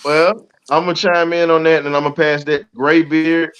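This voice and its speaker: A man's voice: on the high side, little pitch movement, moderate pace, fairly bright tone, clear, resonant tone. Fired-up Southern man ranting football. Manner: fired-up, colorful trash talk. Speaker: show host. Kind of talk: heated sports talk. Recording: dull lo-fi audio.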